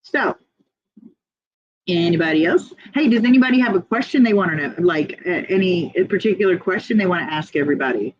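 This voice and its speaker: A woman's voice: on the low side, expressive, a little fast, dull audio, noisy background. Chatty laughing woman on a livestream. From United States. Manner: chatty, laughs often, reads chat comments aloud. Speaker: livestream host. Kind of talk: casual livestream chat.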